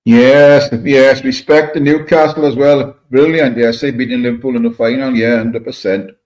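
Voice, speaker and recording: A man's voice: medium pitch, fairly even intonation, normal speed, darkish tone. A man from Wales with a Welsh accent, rambling in casual chat and greeting viewers by name as he hosts a livestream. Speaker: livestream host reading chat. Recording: echoey room, dull lo-fi sound.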